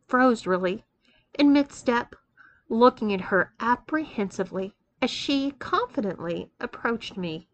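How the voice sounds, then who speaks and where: A woman narrates a first-person story in a measured, expressive reading voice. Her pitch sits a little on the high side.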